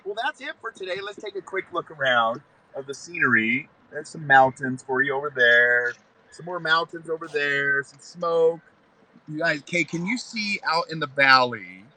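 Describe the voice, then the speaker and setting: Lively, bright-voiced male trivia host. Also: on the high side, normal speed, rough recording. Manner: upbeat, playful quizmaster reading questions. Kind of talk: live-stream trivia hosting.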